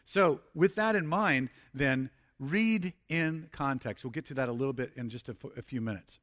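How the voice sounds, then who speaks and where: A middle-aged man preaching a sermon as pastor, conversational, with frequent restarts and slowing down for emphasis. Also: mid-range voice, a bit bright.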